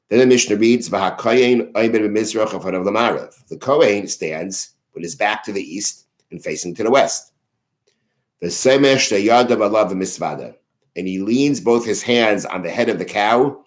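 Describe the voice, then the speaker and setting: Deep-voiced man teaching a Mishnah lesson. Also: low-quality recording. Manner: reads Hebrew phrases then translates line by line, with frequent restarts. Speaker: teacher of a daily Mishnah class. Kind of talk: religious text study lesson.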